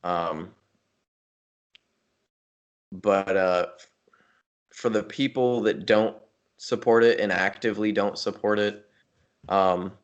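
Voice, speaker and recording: A man co-hosting a podcast, talking casually about bodybuilding and coaching with a relaxed, rambling manner and frequent restarts. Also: fairly low pitch, slow pace, pauses often, muffled recording. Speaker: podcast co-host. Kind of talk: casual chat.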